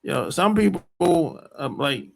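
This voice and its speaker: A man's voice: on the high side, sing-song, a little slow, vocal fry. An American man hosting a podcast, talking in a rambling, emphatic opinion monologue full of profanity. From United States. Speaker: podcast host.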